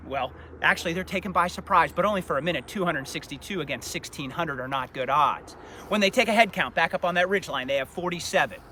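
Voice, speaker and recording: Middle-aged guy doing a battlefield history talk outside, highish voice, pretty tense and sharp, dramatic storyteller. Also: a little hiss or hum. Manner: dramatic storytelling with rhetorical questions. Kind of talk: live outdoor battlefield talk. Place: outdoors on a battlefield.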